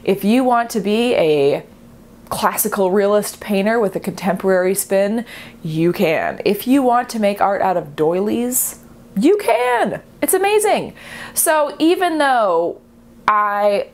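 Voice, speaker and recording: Young woman artist riffing on art history, jokey and animated, mid-pitched, bounces up high when she gets excited. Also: measured pace. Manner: chatty, playful, self-mocking, animated. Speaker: artist and video host. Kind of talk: comedic art-history explainer.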